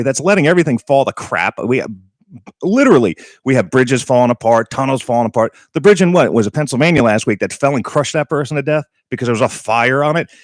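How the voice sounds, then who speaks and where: A man's voice: fairly high pitch, no echo, clean studio sound. A man hosting a live internet radio stream, rambling in a casual, indignant way and often repeating himself. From Boston area.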